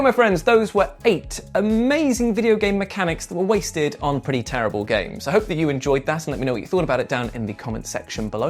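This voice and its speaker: A young English man from England hosting a gaming countdown video in an animated, jokey, playful way. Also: a little high. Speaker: video presenter.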